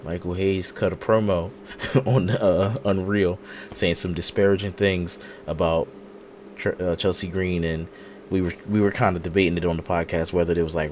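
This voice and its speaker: Male podcast co-host, very deep voice, dry humor, news rundown. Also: a little mellow, slight background noise. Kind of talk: casual chat.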